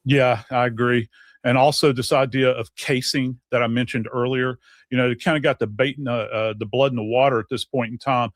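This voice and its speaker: A man giving guest analysis in a case discussion, speculating with halting, filler-heavy phrasing. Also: medium pitch, steady tone, no room sound.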